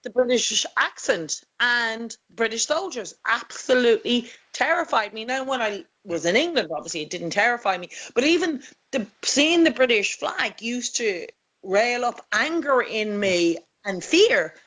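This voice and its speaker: An Irish woman hosting an interview, speaking earnestly and with feeling, often halting and restarting. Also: on the high side, animated, a bit bright. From Republic of Ireland. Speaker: host. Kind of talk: emotional conversational interview.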